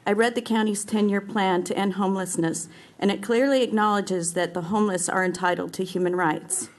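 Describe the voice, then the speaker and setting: A woman's voice: medium pitch, fairly even intonation, a little fast. A woman delivering a firm, critical prepared public comment to a county board. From Anaheim, California.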